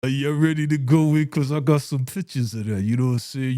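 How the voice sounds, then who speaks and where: A man hosting a live stream, reacting to a TV episode, reading the chat and acting out scenes with animated energy. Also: mid-range voice, fairly quick, dry recording, clean studio sound. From New York. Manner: animated, reads chat aloud, acts out scenes.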